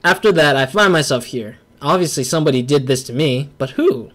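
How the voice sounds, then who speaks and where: A man's voice: on the high side, expressive, a little fast, a bit bright. Giggly male let's play host. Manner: laughs a lot, teasing and chatty. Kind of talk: casual gaming commentary.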